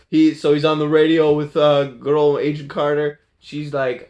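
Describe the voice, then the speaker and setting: A man's voice: fairly high pitch, monotone, moderate pace, darkish tone. A man casually recapping a movie plot, rambling and playful, often laughing and correcting himself.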